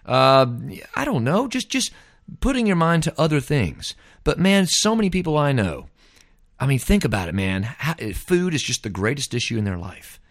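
A man's voice: on the high side, very animated, normal speed, dry recording, studio quality. A man hosting a podcast, rambling in a folksy, casual way, often tossing in "man". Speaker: podcast host. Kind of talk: casual monologue.

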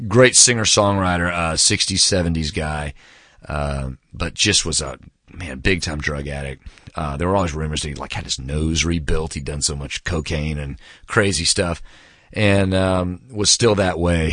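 A man's voice: low-pitched, moderate pace, fairly bright tone, no echo, studio quality. A man casually recommending a book, telling a long rambling anecdote in a laid-back way, full of fillers and calling the listener "man". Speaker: book reviewer.

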